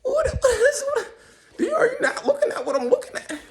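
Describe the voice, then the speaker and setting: A man's voice: extremely high pitch, very animated, a little fast, a crowd in the background, pitched above the performer's own voice, heavily acted. A man doing a wailing, cursing newborn. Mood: frantic. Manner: whiny, crying, shouting in disbelief. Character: cursing outraged newborn baby boy, bewildered.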